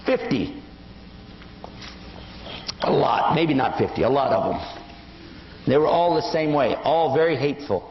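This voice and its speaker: A slightly high, somewhat slow voice with frequent pauses belongs to an older man preaching an Islamic lecture, with a little hiss or hum present. He animates his stories by acting out the people's voices, and the echoey hall gives a dull lo-fi sound.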